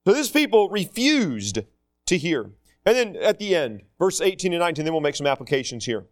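A man's voice: fairly high pitch, very animated, brisk. A middle-aged man preaching a sermon in a conversational, self-deprecating way with humor.

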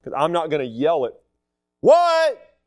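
Middle-aged man, preacher, sermon, lively pitch, slightly high voice, joking and self-deprecating. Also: a little fast. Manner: conversational and self-deprecating with humor.

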